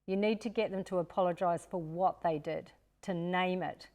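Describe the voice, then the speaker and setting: A woman's voice: fairly low pitch, steady tone, normal speed, a little mellow. An older woman from Australia presenting a parenting seminar, talking straight to parents and acting out what to say to children. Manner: practical, talks directly to parents and acts out what to say to children. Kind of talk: live-streamed parenting seminar talk.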